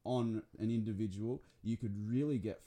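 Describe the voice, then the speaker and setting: A man's voice: lowish voice, moderate pace, warm tone. A young man chatting casually as a podcast co-host, earnest and swearing freely. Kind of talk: casual chat.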